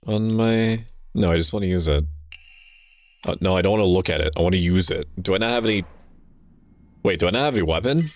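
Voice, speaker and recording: A man's voice: low-pitched, expressive, brisk, long pauses, dry recording. A young man streaming a game, chatting casually in a rambling, joking way, often interrupting himself and swearing now and then. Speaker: VTuber streamer. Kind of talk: casual gameplay commentary.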